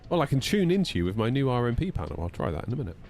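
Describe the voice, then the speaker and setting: A man chatting casually while streaming a flight sim at home, voice jumping high when he gets indignant. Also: big pitch swings, very fast, darkish tone, a little hiss or hum. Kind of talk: casual live-stream chat.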